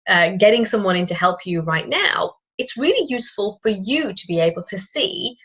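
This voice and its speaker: A woman in her thirties hosting a solo business podcast, talking straight to the listener in a chatty, lively way. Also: medium pitch, normal speed, breathy edge. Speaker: podcast host. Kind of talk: casual solo business talk. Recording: dull lo-fi recording.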